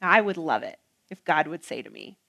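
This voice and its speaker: A woman preaching a sermon, earnest and emphatic, with rhythmic repetition and some soft, hushed passages. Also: deep voice, sing-song, a little fast, creaky.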